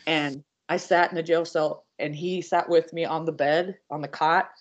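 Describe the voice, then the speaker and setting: A woman guest on a podcast, earnestly telling her personal story with halting restarts and speaking straight to her listeners. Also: low voice, fairly even intonation. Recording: dull lo-fi audio.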